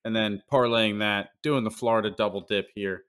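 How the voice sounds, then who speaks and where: A man's voice: lowish voice, steady tone, moderate pace, fairly bright tone, clear, resonant tone. A man in casual podcast talk, laid-back and dry, giving his betting picks.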